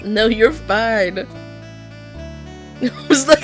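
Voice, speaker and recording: A woman's voice: mid-range voice, expressive, normal speed, soft background music. A young adult woman streamer chatting casually and laughing often while playing live.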